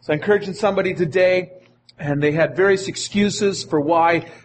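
A man's voice: sits high, fairly quick, a little hiss or hum. A male pastor preaching a sermon in an earnest manner, often repeating his phrases.

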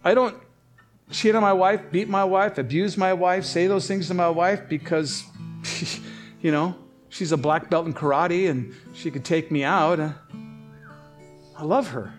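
A man delivers a sermon in a voice that sits a bit higher than most men's. He tells stories with lively energy, jumping up in pitch to act out the people he quotes. Faint guitar plays softly beneath him. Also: measured pace. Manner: animated storytelling, voices rising sharply for quoted people. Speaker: pastor.

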